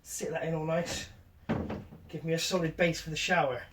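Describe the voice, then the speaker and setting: A man's voice: on the high side, level tone, moderate pace, far from the mic, noisy background. Chatty Englishman narrating his van build. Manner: chatty, wry and self-deprecating. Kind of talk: casual DIY build narration. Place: in and around a camper van, partly outdoors.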